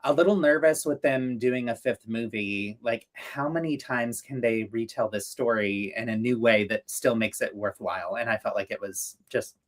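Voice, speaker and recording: A man's voice: medium pitch, moderate pace, hardly any pauses. A man co-hosting a casual livestream chat, upbeat and chatty with many ums, on a video call setup. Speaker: livestream co-host.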